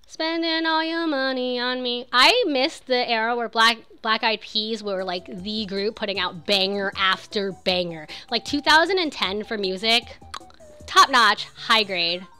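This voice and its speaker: A young woman streaming a video game, chatty and sarcastic, jumping between loud outbursts and low mutters. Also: a little slow, clean tone, faint music behind.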